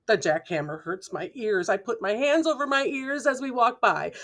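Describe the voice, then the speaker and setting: A woman reading a children's picture book aloud slowly and clearly, imitating the sounds in the story with playful mouth noises. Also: mid-range voice, sing-song. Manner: slow, clear reading to young listeners. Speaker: storybook reader.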